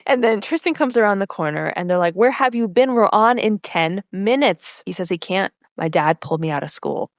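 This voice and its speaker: A woman's voice: medium pitch, expressive, a little fast, few pauses, dry recording, studio quality. A woman co-hosting a podcast, recapping a TV episode in casual chat and briefly acting out each character's lines.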